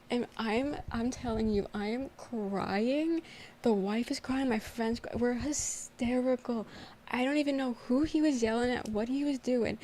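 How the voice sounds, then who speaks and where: A young woman chatting live to her stream viewers, telling a story with lots of laughter and energy. Her voice sits a little high for a woman, and she jumps up in pitch when she gets excited. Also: unhurried. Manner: animated storytelling with frequent laughter. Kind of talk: casual livestream chat.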